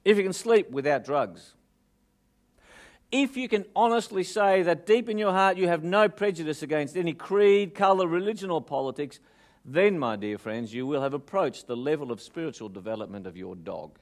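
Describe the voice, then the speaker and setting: A man with an Australian accent giving a motivational talk, telling jokes lively and asking the audience questions. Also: fairly high pitch, normal speed. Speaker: motivational speaker.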